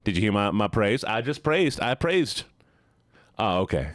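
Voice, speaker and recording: A man's voice: lowish voice, sing-song, normal speed, no room sound, clean studio sound. A male live streamer chatting playfully with his viewers, pleading and teasing. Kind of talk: casual chat with viewers.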